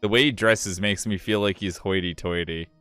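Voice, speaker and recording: Young man, low voice, animated, casual game chatter, dry close mic. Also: moderate pace, clean tone, no echo, soft background music. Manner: chatty, laughing, thinks aloud. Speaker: game streamer voicing characters.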